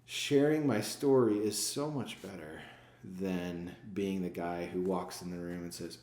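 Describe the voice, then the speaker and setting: A man with a low, dark, mellow voice, speaking as a former pastor in a relaxed interview. He works through his points with rhetorical questions he answers himself. The sound is roomy and echoey. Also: unhurried, few pauses. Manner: reflective, poses rhetorical questions and answers them. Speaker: sales manager and former pastor, guest. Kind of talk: casual podcast interview. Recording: echoey room.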